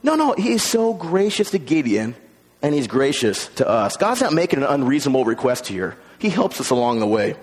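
A male pastor preaching a sermon, animated, acting out the voices in the stories he tells. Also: mid-range voice, normal speed, slightly rough, in a large hall. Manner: animated, acts out voices in quotes.

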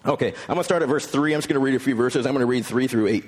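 A man's voice: medium pitch, racing. Man preaching a conversational sermon. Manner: conversational preaching, paraphrasing scripture in everyday words. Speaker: pastor.

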